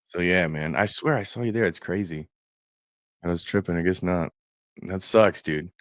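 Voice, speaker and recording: Man, podcast guest, low voice, relaxed casual talk, dry sound. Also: normal speed, no echo. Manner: laid-back, profane. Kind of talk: casual chat.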